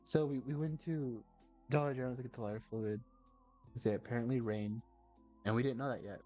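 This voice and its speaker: Drunk young man, mellow, on a dull mic. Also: medium pitch, a little fast, soft background music. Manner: rambling, loses his train of thought. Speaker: podcast co-host. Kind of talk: casual chat.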